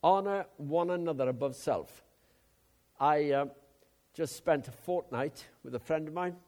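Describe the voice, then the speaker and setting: A man preaching a sermon, telling personal stories in a chatty way with loud emphatic bursts. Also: a little high, unhurried.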